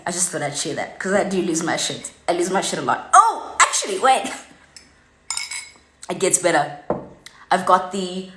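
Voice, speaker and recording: Vlogger: woman, animated swearing storyteller, echoey room. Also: lowish voice. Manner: animated, heavily profane, tells a story with many fillers. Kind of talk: unscripted ranting anecdote. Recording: roomy echo.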